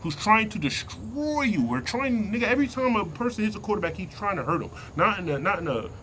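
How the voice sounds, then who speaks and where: A man vlogging a heated sports opinion rant from inside a vehicle, slangy and worked up, repeating himself and sinking into low mutters. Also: very animated, brisk, a bit bright, slight background noise.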